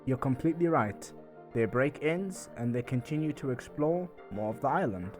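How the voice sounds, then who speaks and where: A man's voice: mid-range voice, lively intonation, moderate pace, darkish tone, soft background music. A man casually retelling a video game's story, chatting loosely and narrating each scene. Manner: loose, chatty retelling with many "and she goes" asides. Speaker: gaming channel narrator.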